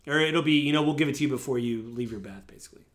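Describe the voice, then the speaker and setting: A man's voice: mid-range voice, racing, fairly bright tone, close to an everyday voice. A man voicing a formal, accommodating male elf concierge in a tabletop game. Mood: courteous.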